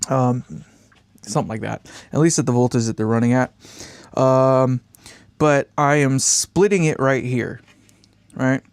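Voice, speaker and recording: Gravelly guy with a stuffed-up nose, rambling and cussing casually while he builds stuff live. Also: medium pitch, steady tone, measured pace, long pauses, no room sound. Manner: rambling, laid-back, swears casually, chuckles often. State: congested sinuses. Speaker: amp builder hosting a live stream.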